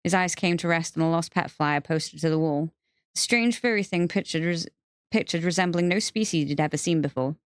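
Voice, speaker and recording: A woman narrating an audiobook in a steady storytelling voice, read on a livestream. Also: deep voice, brisk, clear, resonant tone, no echo, studio quality.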